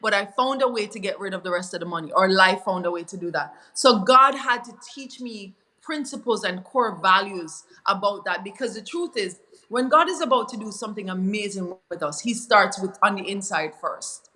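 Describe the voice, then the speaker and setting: A woman's voice: mid-range voice, moderate pace, sharp tone, rough recording. A woman with a Jamaican accent giving an earnest, confessional faith testimony as a guest in an interview, sometimes slipping into patois.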